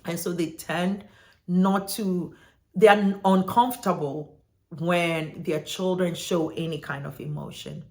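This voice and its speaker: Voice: medium pitch, steady tone, measured pace. A parenting educator teaching parents in a talk, checking in with listeners and asking them to look back at their own childhood. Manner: checks in with listeners with "right?" after points; asks listeners reflective questions.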